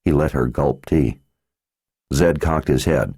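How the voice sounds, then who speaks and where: A man narrating a fantasy audiobook in an expressive storytelling manner. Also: very deep voice, moderate pace, no echo, studio quality. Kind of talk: scripted narration.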